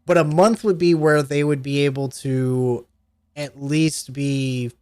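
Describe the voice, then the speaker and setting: A man's voice: medium pitch, slow, smooth, no echo. Dry-miked man running a tabletop game. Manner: relaxed, joking, explains rules plainly. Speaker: game master.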